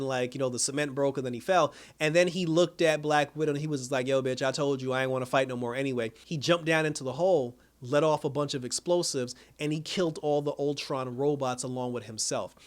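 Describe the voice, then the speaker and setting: A young man talking through an episode recap in a loose, slangy way. His voice sits a bit high for a man, and he keeps jumping into short impressions of the characters. It sounds relaxed and off-the-cuff, like an unscripted review. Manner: animated, slangy, acts out characters' lines in quick impressions. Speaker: video reviewer. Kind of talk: casual recap commentary.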